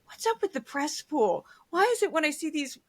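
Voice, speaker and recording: Animated high-voiced woman, political chat. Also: fairly quick. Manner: animated, mimics quotes in funny voices, laughs often. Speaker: political commentator, guest. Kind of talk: casual conversation.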